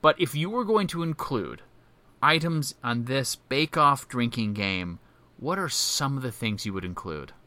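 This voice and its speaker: A man's voice: mid-range voice, lively intonation, measured pace, sharp tone. A man hosting a casual podcast chat, asking his guests questions and steering the talk. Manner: leads the discussion, asks questions. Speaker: podcast host.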